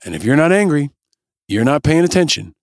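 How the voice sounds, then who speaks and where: A man's voice: a little high, sing-song, brisk, no room sound, studio quality. A man hosting a podcast, delivering scripted, sarcastic and pointed political commentary. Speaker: podcast host.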